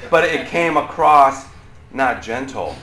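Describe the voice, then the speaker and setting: A middle-aged man with a loud voice that carries, giving a casual youth sermon to a group of students and often checking in with "right?". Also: medium pitch, expressive, takes it slowly, a crowd in the background. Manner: conversational, often checks in with 'right?'. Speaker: youth pastor. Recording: roomy echo.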